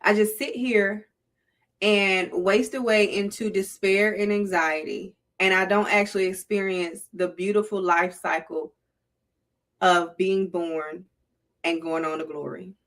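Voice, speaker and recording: Bright, animated Southern woman streaming. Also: mid-range voice, a little slow. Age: middle-aged. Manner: animated, preachy and playful, talks to her chat. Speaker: livestream host. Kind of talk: casual livestream monologue.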